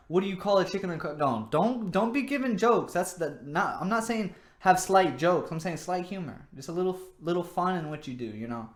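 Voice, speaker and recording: A man hosting his own vlog, giving dating advice in a rambling, casual monologue, repeating words and saying "you know" often. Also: a little high. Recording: echoey room.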